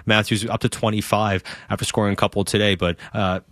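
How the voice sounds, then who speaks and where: Male sports radio host, quick emphatic delivery, dry close sound. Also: lowish voice, level tone, fairly bright tone, no room sound. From Canada. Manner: emphatic, rhetorical questions. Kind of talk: post-game call-in show chat.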